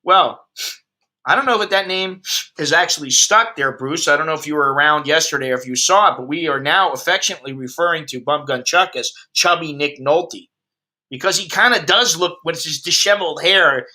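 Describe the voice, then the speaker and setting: A man's voice: on the high side, a little fast, bright, forceful tone. An American man hosting a livestream, ranting about the news in a blunt, sarcastic, heavily profane way. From United States. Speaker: expat livestream host. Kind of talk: ranting commentary.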